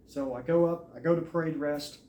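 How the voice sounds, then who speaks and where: A man's voice: a little high, steady tone, fairly quick, warm tone. A man, an army veteran, telling his own story in a casual, earnest way and acting out what others said. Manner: earnest, recounts events with quoted dialogue. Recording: echoey room with faint noise.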